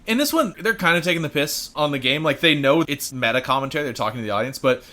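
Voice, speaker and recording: Male co-host, slightly high voice, easygoing and quick to laugh. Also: expressive, sharp tone. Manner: laid-back, laughs easily. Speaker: podcast co-host. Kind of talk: casual chat about video games.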